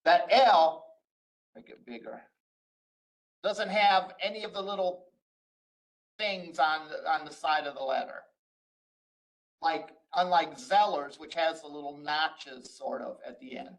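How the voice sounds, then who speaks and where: High-voiced man lecturing on code. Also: a little slow, long pauses, poor audio. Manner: explains step by step, frequent "uh" and restarts. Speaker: college instructor. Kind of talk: recorded screen-share lecture.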